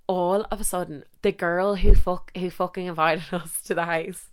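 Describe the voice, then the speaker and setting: A young Irish woman hosting a podcast, telling a story in a crude, profane, animated way. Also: lowish voice, moderate pace, few pauses, clean tone. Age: young adult. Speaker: podcast host. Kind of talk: casual storytelling.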